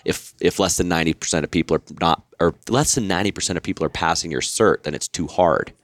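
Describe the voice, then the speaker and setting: A man in his forties, a podcast guest, telling a long story in a casual, animated way, laughing often and restarting his sentences. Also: deep voice, fast.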